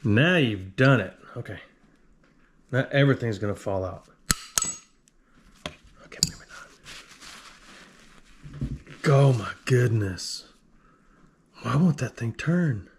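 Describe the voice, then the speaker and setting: A man's voice: medium pitch, lively intonation, a little slow, long pauses, slight background noise. A man with a drawl, working on a tool and talking to himself in a joking, rambling way. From Alabama. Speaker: video host. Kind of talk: casual workshop tinkering talk.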